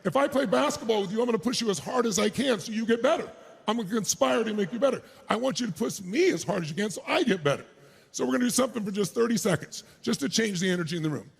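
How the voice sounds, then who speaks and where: A middle-aged man speaking as a motivational speaker at a live keynote, loudly firing up the audience. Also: high-pitched, animated, fast talker, vocal fry, husky. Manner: loud, crowd-rousing, hype-driving, shouting bursts. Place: large conference stage before a live audience.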